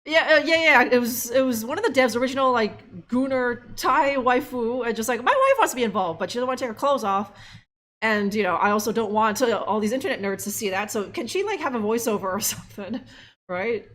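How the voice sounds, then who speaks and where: A woman's voice: a little high, lively intonation, fairly quick, fairly bright tone. A young woman streaming a game live, giving sarcastic, profane commentary full of laughs and fillers.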